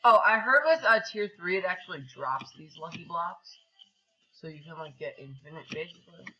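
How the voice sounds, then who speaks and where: A young male gaming host giving casual commentary while he plays, excitable, with yelps and groans, then mumbled asides under his breath. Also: on the high side, moderate pace, husky, lo-fi sound, faint music behind.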